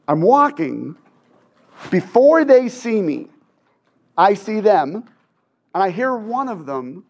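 A man telling a personal story in an animated, conversational way, often checking in with "right?". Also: sits high.

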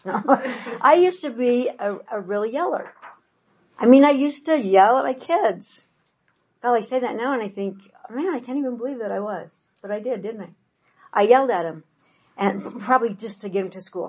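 An older woman leads a parenting workshop, her voice soft and a little breathy. She tells stories with energy and slips into quoted voices as she goes. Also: on the high side, moderate pace, rough recording. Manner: animated storyteller, acts out quoted voices. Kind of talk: workshop talk with anecdotes.

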